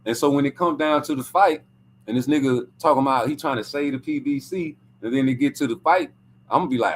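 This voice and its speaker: A man streaming a casual rant full of profanity, animated and taunting. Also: mid-range voice, quick pace, a little hiss or hum. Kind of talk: casual ranting commentary stream.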